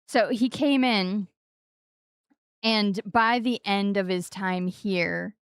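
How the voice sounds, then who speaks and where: A woman in her forties chats casually on a game stream, close on the mic in a dry, deadened room. Her voice is smooth and clear, and she playfully leaps into high, sing-song stresses on the wrong syllables. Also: takes it slowly, no echo. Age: 40s.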